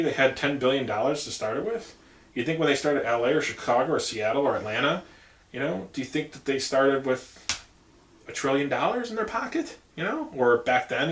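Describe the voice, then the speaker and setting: A man giving a casual political monologue as a campaign vlogger, rambling with many asides. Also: mid-range voice. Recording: echoey room.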